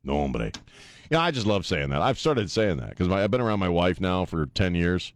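A man's voice: deep voice, big pitch swings, normal speed. A middle-aged man hosting a talk radio show, rambling and joking in casual banter. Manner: rambling, joking, laughs often.

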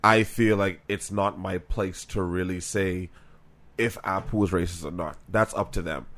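Low-voiced co-host from the Bahamas, rambling and swearing, casual talk. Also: male voice, fairly even intonation, measured pace, a bit bright. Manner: rambling, profane, thinking aloud. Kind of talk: casual chat.

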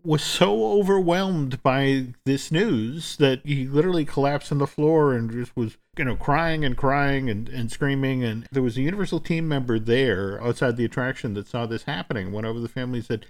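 A man co-hosting a chat show, telling a story at length in a halting, conversational way with many restarts. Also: medium pitch. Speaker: podcast co-host. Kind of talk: casual chat.

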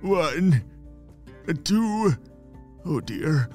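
A man voicing a timid, gentle male abominable snowman who speaks hesitantly in a storybook tale. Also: a little high, big pitch swings, faint music behind, full character voice. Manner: hesitant, halting.

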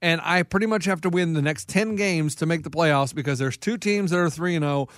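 Man, high voice, bragging, stammering, dry close sound, sports podcast chat. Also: fairly quick, dry recording. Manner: boastful, frustrated, stammering restarts. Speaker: podcast co-host.

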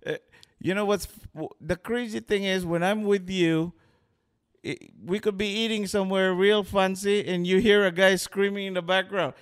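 A man's voice: high-pitched, fairly even intonation, normal speed, smooth. A man co-hosting a podcast in casual chat, eager and prone to stammering restarts. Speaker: podcast co-host.

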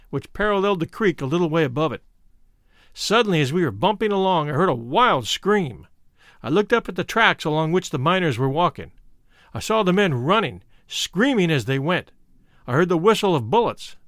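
A man reads a first-person memoir aloud with dramatic expression. His voice sits high for a man and swings widely in pitch as he leans into the story. The sound is dry and close, with no room around it. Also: dry recording. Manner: expressive, shifts to stirring emphasis. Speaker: reader.

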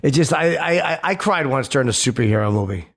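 A man co-hosting a casual chat, teasing his friend with deadpan crude jokes. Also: medium pitch, fast talker, gravelly. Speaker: podcast co-host.

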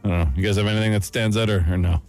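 A middle-aged man hosting a radio show, chatting casually with co-hosts, jokey and quick to laugh. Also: on the low side, faint music behind. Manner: animated, laughs often, jokey. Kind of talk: casual chat.

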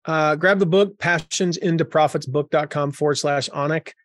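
A man speaking as an author guest on a podcast, relaxed and chatty, chuckling and using lots of fillers. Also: a little high, normal speed. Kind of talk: casual conversational interview.

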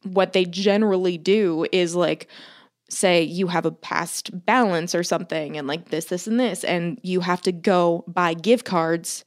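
A woman's voice: fairly low pitch, measured pace. Woman podcast co-host, casual storytelling, chatty, swears a lot, thirties. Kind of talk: casual chat.

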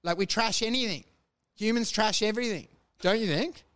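Australian man, young, high clear voice, sweary ranting co-host. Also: moderate pace. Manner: profane, mocking, animated rants. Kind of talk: casual chat.

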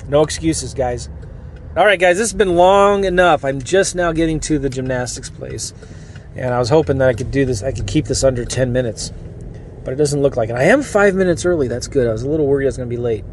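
A middle-aged man hosting a podcast, talking casually and earnestly from a parked car, with energetic restarts and rambling asides. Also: mid-range voice, fast, slight background noise. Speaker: podcast host and coach. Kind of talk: casual motivational podcast monologue.

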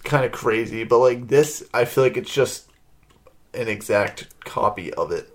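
A man's voice: medium pitch, unhurried. Laid-back male podcast co-host. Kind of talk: casual podcast chat.

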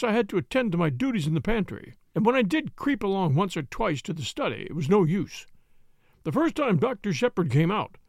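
A frightened, deferential butler, as a man reading a mystery puts him on. He stammers and pleads, his voice sitting high with a gravelly catch, recorded dry and close. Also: no echo, exaggerated voice. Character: anxious, cringing middle-aged English butler. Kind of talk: audiobook character voice.

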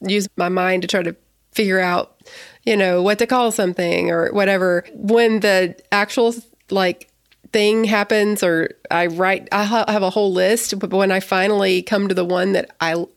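A woman in her thirties hosts a podcast in a chatty, excitable voice that keeps restarting sentences. Her pitch sits in the middle range. The sound is dry and close. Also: moderate pace, no echo. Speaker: podcast host. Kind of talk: casual podcast chat.

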